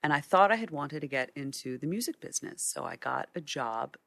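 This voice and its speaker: A woman's voice: low-pitched, big pitch swings, brisk, vocal fry, fairly bright tone, no room sound, clean studio sound. A middle-aged woman, a photojournalist guest, telling vivid stories from her career in an interview. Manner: vivid anecdotal storytelling. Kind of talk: storytelling interview.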